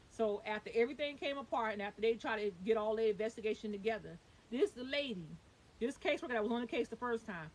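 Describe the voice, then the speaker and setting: A young woman vlogging about her own life, talking fast and emphatically and swearing when upset. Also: a little high, low-quality recording. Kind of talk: heated personal storytelling. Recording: faint hiss.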